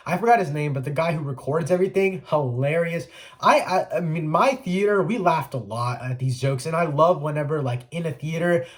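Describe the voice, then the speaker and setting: Chatty man reviewing a movie, high-ish voice. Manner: chatty, peppered with "like" and restarts. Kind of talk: casual spoiler review.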